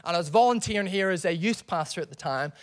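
A man's voice: sits high, fast. A man in his thirties preaching a sermon as a pastor, telling stories with lots of energy and calling out to the congregation. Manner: animated storytelling preacher with crowd prompts.

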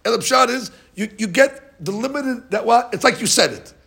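A man teaching a lively religious text class, asking his students questions and reading passages out quickly. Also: extremely high pitch, gravelly, slightly rough. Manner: animated, questioning the class, reads Hebrew text fast. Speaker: rabbi teaching a Talmud class. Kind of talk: Talmudic lesson, mixing English and Hebrew.

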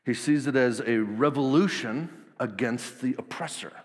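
A man's voice: medium pitch, moderate pace. A man preaching in a casual, jokey, slangy way, retelling a story. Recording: long hall reverb.

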